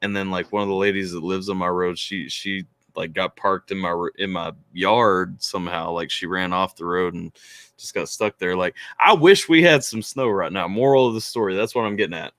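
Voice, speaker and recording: A man hosting a casual remote chat, talking in a rambling, animated way with lots of restarts. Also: low-pitched, normal speed, dry recording. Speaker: podcast host.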